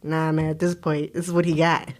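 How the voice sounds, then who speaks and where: A woman's voice: low-pitched, brisk. A woman with a Southern US accent hosting a podcast, telling stories with lots of acted-out voices and laughter. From United States. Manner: animated storytelling, acts out voices, laughs often. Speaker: podcast host. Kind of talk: casual chat.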